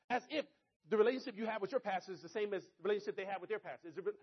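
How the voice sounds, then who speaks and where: A man giving a motivational speech to an audience, telling a story in an animated, conversational way. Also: high voice, slightly rough, highs cut off. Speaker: motivational speaker.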